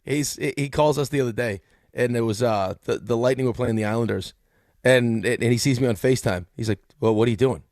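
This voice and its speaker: A man's voice: mid-range voice, fairly quick, darkish tone, no echo, studio quality. A middle-aged man co-hosting a sports radio show, telling stories and laughing between lines. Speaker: co-host. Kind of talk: casual sports radio chat.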